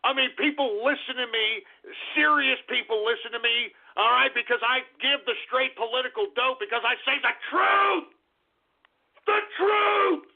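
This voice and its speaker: A man's voice: very high voice, moderate pace, gravelly, hardly any pauses, exaggerated voice. A man playing a hot-tempered old radio host and war veteran, who launches into explosive, cursing tirades at his listeners. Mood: pompous. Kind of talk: comedic radio character rant. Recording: tinny phone-like call-in radio line.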